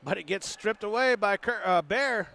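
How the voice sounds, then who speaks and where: A man with a high voice calls a basketball game play by play in an easy, joking way. He keeps up a running patter and makes up lines for the players, with a ball bouncing faintly in the gym behind him. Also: animated, normal speed, creaky, bright, forceful tone. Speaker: play-by-play announcer. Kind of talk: casual sports commentary.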